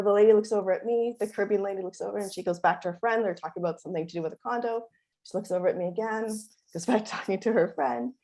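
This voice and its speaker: A female author moderating a panel, opening with an expressive, heartfelt personal story. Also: medium pitch.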